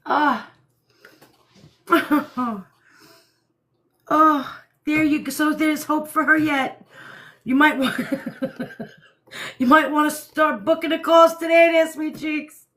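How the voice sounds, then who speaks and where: Blunt middle-aged woman, high and slow. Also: steady tone, a bit bright. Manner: blunt, laughing often. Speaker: livestream host. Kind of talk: casual live chat. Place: at home at night.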